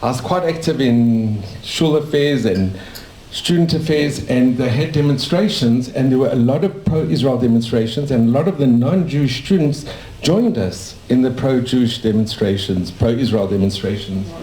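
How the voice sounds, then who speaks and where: Older man from South Africa, dentist sharing memories, mellow voice, roomy cafe sound. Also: mid-range voice, normal speed, hardly any pauses. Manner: rambling, warm anecdotal storytelling with restarts. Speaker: dentist telling his life story. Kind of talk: casual storytelling to a small audience. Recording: echoey cafe room.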